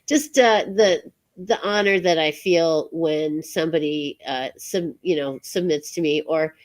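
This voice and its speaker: A woman hosting an online show, chatting casually as she signs off, halting with many fillers and frequent laughs. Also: sits low. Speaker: show host. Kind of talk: casual live-stream sign-off chat.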